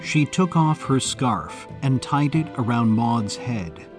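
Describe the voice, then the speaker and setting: Slow, measured male audiobook narrator. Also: mid-range voice, expressive, over music.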